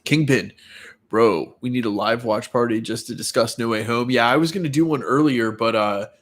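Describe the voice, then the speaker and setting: A man's voice: mid-range voice, moderate pace. A man hosting a casual livestream, congested and stuffy from a cold, chatting with viewers and greeting them by name between frequent fillers. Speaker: livestream host. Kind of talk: casual live-chat commentary.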